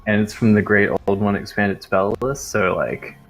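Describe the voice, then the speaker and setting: A man's voice: on the low side, fairly even intonation, moderate pace, a bit bright, faint music behind. A man chatting as a player in a tabletop game, explaining rules and laughing easily. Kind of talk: casual chat at a tabletop game.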